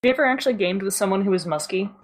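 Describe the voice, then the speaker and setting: A woman's voice: mid-range voice, rapid-fire. A woman co-hosting a podcast about tabletop gaming, wry and playful in casual chat. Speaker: podcast co-host.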